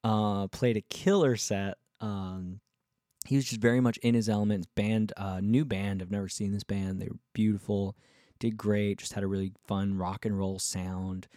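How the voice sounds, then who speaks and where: A male musician vlogger telling a casual story in a rambling, excitable way, full of fillers and restarts. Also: fairly low pitch, normal speed, dry recording, studio quality.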